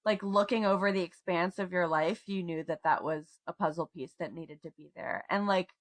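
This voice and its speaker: A woman's voice: lowish voice, normal speed. A woman in her thirties co-hosting a podcast, speaking in casual chat in an earnest, heartfelt way and laughing often. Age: 30s. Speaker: podcast co-host.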